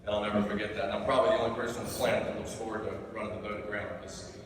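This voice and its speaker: A man's voice: lowish voice, little pitch movement, rapid-fire. A man giving a eulogy for his father, telling a family story and retelling a joke with some laughter. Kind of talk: memorial speech, storytelling. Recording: echoey hall, distant mic, background noise.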